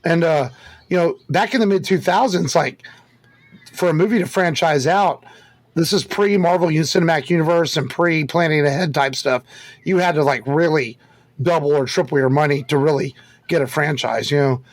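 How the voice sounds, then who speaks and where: Higher-voiced man, dry casual podcast talk. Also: normal speed, dry recording. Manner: loose, conversational, frequent "like". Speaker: podcast co-host. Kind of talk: casual movie discussion.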